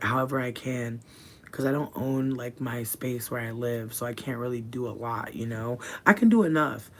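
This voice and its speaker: A livestreamer chatting casually from a room at home, rambling and swearing, swinging between quiet mutters and loud bursts. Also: mid-range voice, slight background noise.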